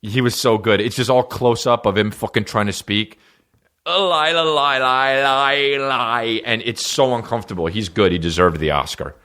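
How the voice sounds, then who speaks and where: A middle-aged man talks loosely into his podcast, swearing freely and doubling back on himself mid-sentence. His voice sits very low. The talk wanders from one tangent to the next in an offhand, casual way. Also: fairly quick, few pauses, fairly bright tone. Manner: profane, loose, restarts and tangents. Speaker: podcast host. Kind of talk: casual rambling monologue.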